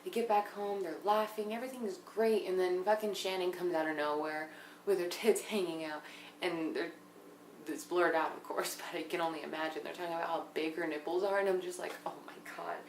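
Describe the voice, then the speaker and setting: A woman's voice: on the low side, fairly even intonation, fairly quick. Blunt young woman, profane casual recap. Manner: blunt, swears often, drops into hushed asides. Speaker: reality TV recapper. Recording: echoey room, faint background noise.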